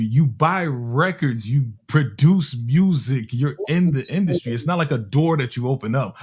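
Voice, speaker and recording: Animated New man telling stories. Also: mid-range voice, moderate pace, breathy edge. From Harlem, New York. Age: middle-aged. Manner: animated, acts out other people's voices in quotes, slangy. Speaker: music producer telling stories on a talk show. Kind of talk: casual storytelling chat.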